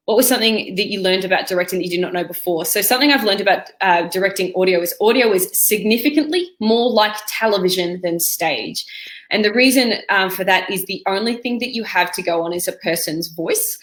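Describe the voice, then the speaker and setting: A woman's voice: medium pitch, fairly bright tone. A woman, the director, hosting a live Q&A, reading audience questions aloud and answering them. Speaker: director and host.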